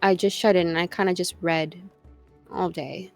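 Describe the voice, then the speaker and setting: A woman's voice: on the low side, steady tone, normal speed, soft background music. A woman playing a tabletop game, chatting in character in a casual, drawling way with crude asides. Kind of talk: in-character roleplay chat.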